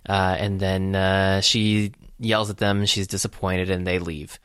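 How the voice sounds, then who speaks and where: Low, smooth-voiced man recapping a film. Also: flat delivery, fairly bright tone, no room sound, clean studio sound. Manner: recaps plot in a halting, unhurried way with many fillers. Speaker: podcast co-host. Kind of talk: casual film discussion.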